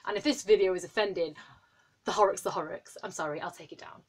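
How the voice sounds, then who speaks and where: A woman in her late twenties chatting to camera in a rambling, excitable way, full of ums and likes. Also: fairly low pitch, quick pace. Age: 20s. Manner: rambling and excitable, heavy with fillers. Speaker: vlogger. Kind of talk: casual chat to camera.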